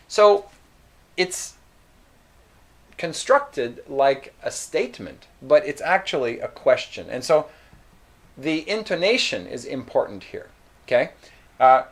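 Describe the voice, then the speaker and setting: A man teaching English, explaining phrases slowly and repeating example sentences. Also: medium pitch, very animated. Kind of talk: slow explanatory English lesson.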